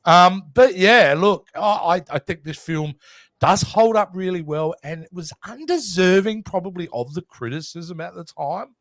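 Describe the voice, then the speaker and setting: A man's voice: high-pitched, moderate pace, fairly bright tone, dry recording. A man co-hosting a casual film review chat, hesitant and full of restarts. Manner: chatty, hesitant, with many restarts. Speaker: podcast co-host.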